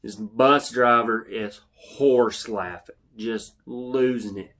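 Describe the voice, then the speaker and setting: Animated young man telling a story. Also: medium pitch, slow pace, few pauses. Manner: animated, yells out quoted lines. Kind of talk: casual anecdote telling.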